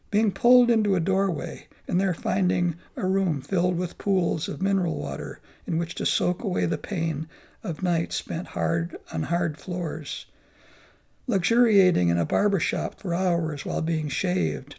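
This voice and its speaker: A man narrating a memoir in a measured, reflective reading. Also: high-pitched, gravelly, darkish tone, husky.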